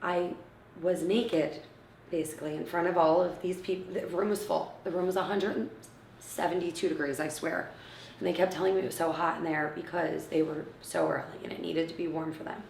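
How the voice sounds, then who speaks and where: A woman in her thirties tells an emotional personal story, acting out the words of the people around her and sinking to a hushed near-whisper at times. Her voice sits low with a gravelly edge, heard from a little way off in a roomy space. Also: fairly even intonation, brisk, slight background noise. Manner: acts out others' words, often drops to a hushed near-whisper. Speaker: interviewee, mother of premature twins. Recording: roomy, from a distance.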